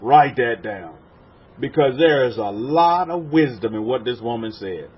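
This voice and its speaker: A man's voice: mid-range voice, expressive, measured pace, breathy edge. A man from Texas, a rabbi preaching a sermon to a congregation in a room, repeating words and acting out quotes. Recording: dull lo-fi sermon recording with faint noise.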